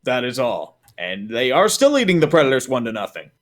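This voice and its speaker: A man's voice: medium pitch, big pitch swings, a little fast. A man co-hosting a casual sports talk stream, breaking down coaching moves and reading out scores.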